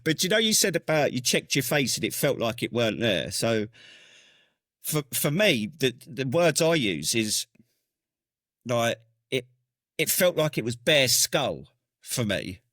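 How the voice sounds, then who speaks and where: A man's voice: mid-range voice, sing-song, unhurried, pauses often, a bit bright, no echo, clean studio sound. A man hosting a veterans' podcast, chatting casually with his guest, swearing and chipping in with short agreements. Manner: laid-back, swears, chips in with short agreements. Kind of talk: casual chat.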